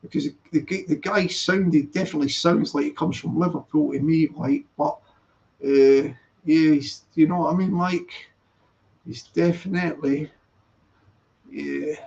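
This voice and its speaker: Rambling man with a gravelly, high voice. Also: steady tone, a little slow, darkish tone. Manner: rambling, self-correcting, stops to read the chat aloud. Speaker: channel host. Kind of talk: casual live-stream chat. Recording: dull lo-fi sound.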